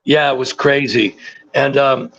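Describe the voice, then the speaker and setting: A man in his sixties, a guest telling stories in a casual interview, animated and repeating words for emphasis. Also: medium pitch, a little slow, highs cut off. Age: 60s.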